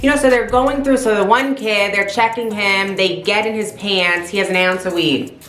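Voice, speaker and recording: Female vlogger, animated storyteller with a loose, profane delivery; roomy recording with faint music. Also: mid-range voice, normal speed. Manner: animated, swears freely. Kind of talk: casual storytelling.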